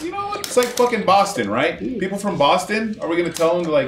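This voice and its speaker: A man's voice: high voice, quick pace, slight background noise. A man from California co-hosting a casual gaming stream, rambling and swearing as he talks. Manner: rambling, animated, swears a lot. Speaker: streamer co-host. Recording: echoey room, mic at a distance, music behind.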